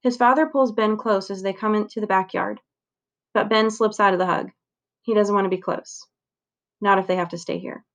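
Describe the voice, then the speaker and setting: A woman steadily reading a children's novel aloud, narrating clearly. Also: mid-range voice, fairly even intonation, normal speed. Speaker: reader.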